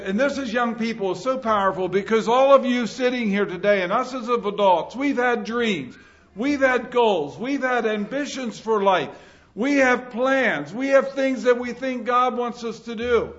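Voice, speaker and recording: A man preaching a sermon, earnest and emphatic, rising and falling in loudness for effect. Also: very high voice, expressive, normal speed, highs cut off.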